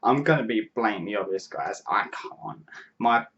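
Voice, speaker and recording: A man's voice: on the low side, expressive, moderate pace, a bit bright. A 22-year-old man, casually answering viewer questions to camera, rambling and restarting his sentences. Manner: rambling, restarts sentences, frequent "you know what I mean". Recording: dull lo-fi mic.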